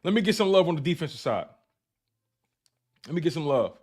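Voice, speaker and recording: A man with a fairly high, slightly mellow and slightly rough voice speaks fairly quickly and very animatedly. He hosts an excited live-stream sports recap with super chats, addressing his chat directly and repeating phrases for emphasis.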